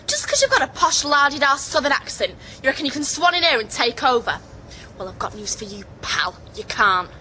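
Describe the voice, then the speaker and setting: A woman's voice: high-pitched, big pitch swings, brisk, pushed and bright, a little hiss or hum, full character voice, poor audio. A woman playing a mouthy, hostile female neighbour in a children's puppet show. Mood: jeering. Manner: jeering, hostile.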